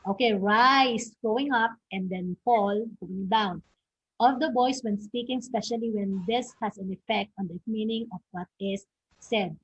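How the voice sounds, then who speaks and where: A woman teacher with a husky, medium-pitched, slightly slow voice explains stress and intonation in a recorded online lesson. She says "okay" often, ends points with "no?", and models example words and questions aloud, all in dull lo-fi audio.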